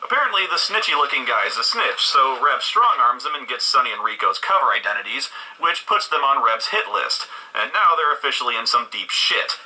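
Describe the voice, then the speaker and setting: A man's voice: mid-range voice, sharp tone, rough recording. A man doing sarcastic, profane comedy review commentary and mocking what he watches. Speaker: film and TV reviewer.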